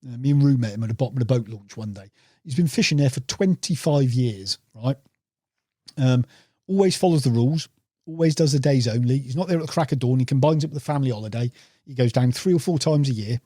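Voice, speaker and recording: A man's voice: medium pitch, fast talker, warm tone, no echo, clean studio sound. A man telling rambling fishing anecdotes as a podcast guest, calling the host "mate". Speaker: podcast guest, carp angler. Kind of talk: casual storytelling interview.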